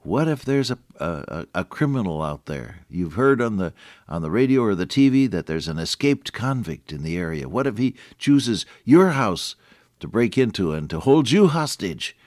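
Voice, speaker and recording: An older man giving a folksy devotional radio sermon, talking straight to the listener and swinging between hushed lows and emphatic high points. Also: very animated, normal speed, no room sound, clean studio sound. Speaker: radio preacher.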